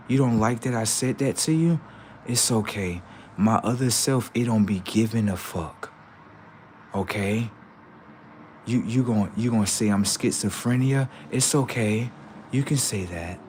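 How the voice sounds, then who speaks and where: A detached oddball who speaks in a low, quiet murmur and sounds unbothered by anything, as a man puts him on for a comedy skit. His delivery is flat and matter-of-fact, pitched in an ordinary middle range, and a faint hum sits behind him. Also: lightly acted. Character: spacey detached man, calls people human beings.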